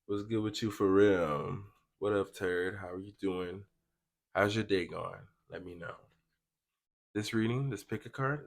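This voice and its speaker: A man's voice: low-pitched, vocal fry. A young man giving a casual pick-a-card tarot reading, chatty and slangy, talking straight to his viewers. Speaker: tarot reader.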